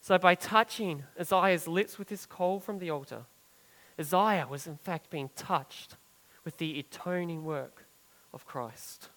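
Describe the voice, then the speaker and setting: Pastor, male, high-pitched, earnest sermon delivery that swells and then hushes. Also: unhurried, big-room sound, rough recording. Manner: earnest preaching that swells for emphasis and drops soft and low on key phrases.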